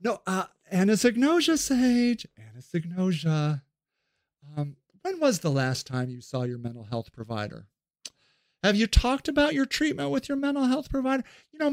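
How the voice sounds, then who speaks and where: A man putting on a soft-spoken, patronizing mental health official with a hushed, condescending manner. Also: mid-range voice, no echo, clean studio sound, voice pushed down, close to an everyday voice.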